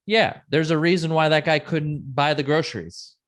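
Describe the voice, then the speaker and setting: A man co-hosting a podcast, talking in an easygoing, measured way. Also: on the high side, steady tone. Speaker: podcast co-host. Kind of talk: casual chat.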